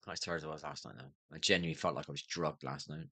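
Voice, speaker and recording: A worn-out gaming streamer in his fifties rambles to himself, yawning and muttering. His voice sits deep and low, and the sound is dry and close, with no room around it. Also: steady tone, very fast, sharp tone, husky, dry recording. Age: 50s. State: tired, yawning. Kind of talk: rambling livestream monologue.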